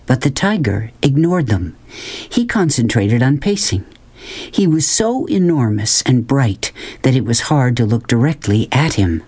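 A woman hosting a children's program, reading a novel aloud with measured, expressive storytelling. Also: rumbling low, husky. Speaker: children's book reader.

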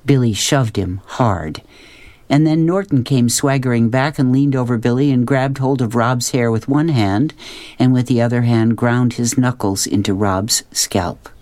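A man narrating a storybook in a steady, plain reading voice. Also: mid-range voice, unhurried, no echo.

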